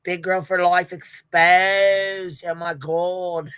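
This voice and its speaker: A woman putting on a slow, drawn-out, sing-song mock-posh British voice while announcing names. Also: fairly low pitch, steady tone, darkish tone, smooth, dry recording.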